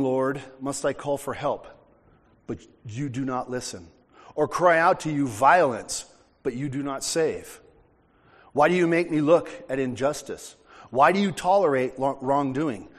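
A man from the United States preaching a sermon, reading scripture aloud and then explaining it in a conversational way. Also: mid-range voice. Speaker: pastor. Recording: long hall reverb.

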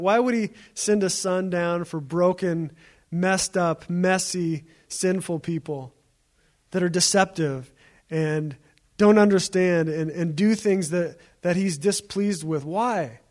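A man with a notably high voice preaching a sermon. He talks in a relaxed, conversational way, telling stories and repeating his phrases as he goes. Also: a little slow. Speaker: pastor.

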